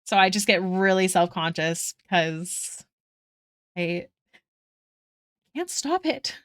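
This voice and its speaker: A woman's voice: fairly low pitch, expressive, takes it slowly, fairly bright tone, clear, resonant tone, no room sound, studio quality. A woman streaming her art live, chatting casually with viewers, giggling often and thanking them one by one.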